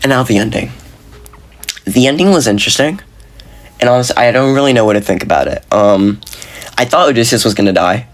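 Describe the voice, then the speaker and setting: A man giving a casual, frustrated video review, talking fast and excitedly with lots of slang and fillers, his voice jumping up when he is exasperated. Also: mid-range voice. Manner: animated, voice jumps up when exasperated. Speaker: movie reviewer.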